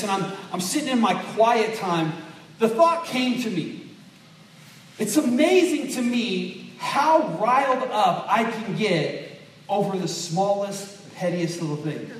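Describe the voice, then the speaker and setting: A man preaching a sermon in a church, animated and conversational, often asking the congregation to agree. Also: sits high, a little hiss or hum. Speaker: pastor. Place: church sanctuary. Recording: echoey room from far off.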